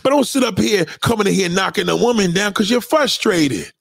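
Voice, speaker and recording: A man hosting a livestream, ranting loudly and profanely and mocking people with quoted voices. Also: sits high, lively intonation, fairly quick, gravelly, no room sound, studio quality. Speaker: livestream host.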